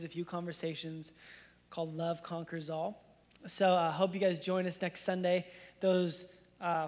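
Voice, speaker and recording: A man's voice: high-pitched, long reverb tail. A man in his thirties preaching a sermon as pastor, chatty and loose, full of fillers as he tells a family story. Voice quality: casual, filler-heavy storytelling with many "like"s. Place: church sanctuary.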